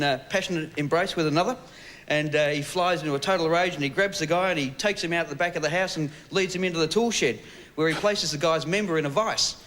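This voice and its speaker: A man on a football panel show, firing off cheeky, crude one-liners in live studio banter. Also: sits high. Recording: loud studio audience and noise. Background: audience laughter.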